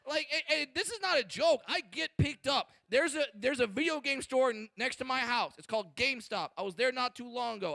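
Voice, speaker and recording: A man in his twenties doing a loud, brash, profane stand-up routine on a comedy stage. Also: extremely high pitch, gravelly, no echo. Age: 20s.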